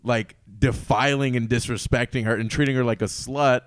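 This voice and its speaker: A young man rambles through a candid story in casual podcast chat, his voice sitting at an ordinary middle pitch. The sound is dry and close, with no room around it. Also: steady tone, moderate pace, clear, resonant tone, dry recording.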